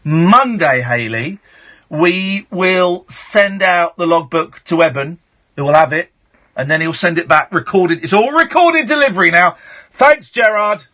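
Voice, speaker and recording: A man hosting a late-night radio phone-in, his voice pitched high and swinging widely. He sounds bright and forward, and he talks over callers bluntly. It is a talk-radio studio delivery. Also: expressive, unhurried. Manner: brusque, cuts callers off.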